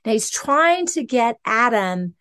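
Woman doing a chatty bible teaching podcast, lively, keeps saying okay and right. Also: on the high side, slow. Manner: animated, conversational, frequent "okay" and "right".

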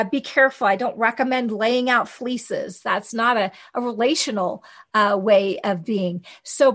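Woman teaching church stuff, chatty, lots of uh and right, kinda high voice. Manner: animated, conversational, with many fillers and quoted asides. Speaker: Christian teacher on hearing God. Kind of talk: informal teaching talk.

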